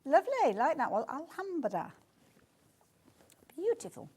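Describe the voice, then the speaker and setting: Gushing woman with a lively voice. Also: medium pitch, normal speed. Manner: gushing, chatty, keeps saying beautiful. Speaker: shopping channel presenter. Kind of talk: live TV sales presentation. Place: TV studio.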